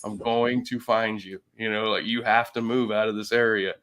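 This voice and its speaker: A man casually telling a story, swearing freely, laughing between phrases, and swinging from loud to soft. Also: on the low side, steady tone, normal speed, clear, resonant tone.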